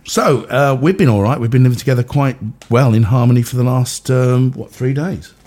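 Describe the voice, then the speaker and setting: A man's voice: medium pitch, a little fast, a little mellow. A man hosting a homemade comedy show from his bedroom studio, rambling through jokes with lots of ums and asides. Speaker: DJ and podcast host. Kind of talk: rambling comic monologue.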